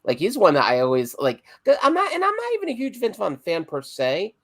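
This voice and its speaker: A man's voice: high-pitched, huge pitch swings, fairly quick, dry recording. A man co-hosting a podcast, rambling with frequent stammers and self-deprecating jokes. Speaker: podcast co-host. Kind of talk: casual chat.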